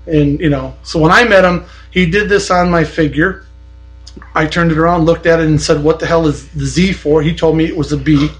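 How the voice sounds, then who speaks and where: A man's voice: a little high, steady tone, a little fast, low-quality recording. A man on a podcast telling a long, indignant story in a blunt, profane, casual way. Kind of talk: casual ranting anecdote.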